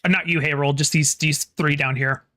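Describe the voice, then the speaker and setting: A game master running a tabletop horror game, halting and restarting phrases while describing the scene and calling for rolls. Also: mid-range voice, fairly even intonation, bright, forceful tone.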